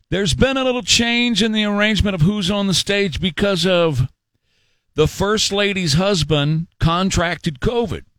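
On a talk radio show, a man hectors his listeners in a mocking, repetitive way, speaking into a studio microphone. His voice is high and a bit bright, and the recording is dry.

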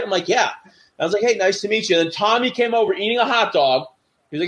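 A middle-aged former wrestler speaks fast in a high-pitched voice, recounting backstage stories in a casual chat. He brings quotes to life by animatedly acting out people's voices.

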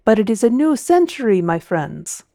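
A woman's voice: fairly high pitch, very animated, creaky, warm tone, no room sound, studio quality. Woman playing a grandiose Italian showman scientist. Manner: grandiose, slow, dramatic.

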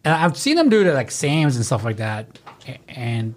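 A man's voice: mid-range voice, very animated, moderate pace. A young adult man in casual podcast chat, telling stories in a profane, ranting way.

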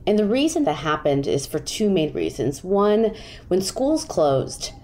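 A woman campaign founder answering interview questions with emphatic, forceful advocacy. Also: medium pitch, big pitch swings, a little slow, slight background noise.

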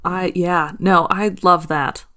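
A woman from the American Midwest chatting on a film podcast in a fairly low voice. She is wry and jokey, breaking into laughter often. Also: steady tone, takes it slowly, sharp tone. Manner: wry, joking, laughs a lot. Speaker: podcast co-host. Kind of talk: casual movie discussion.

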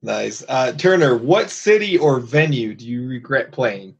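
A man's voice: medium pitch, expressive, a little slow, vocal fry, lo-fi sound, crowd noise. A male podcast host reading questions off a list to his guest.

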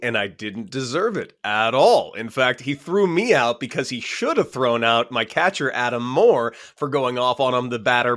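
A man's voice: medium pitch, a bit bright. A man, a former baseball player, telling stories in casual chat and acting out both sides of arguments.

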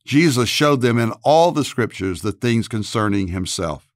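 A male pastor and host giving a scripted episode introduction in an earnest, measured way. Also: medium pitch, lively intonation, dry recording, clean studio sound.

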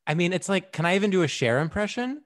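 A man's voice: high voice, lively intonation, quick pace. A young man co-hosting a podcast in casual chat, playful and self-mocking, often laughing at himself. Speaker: podcast co-host.

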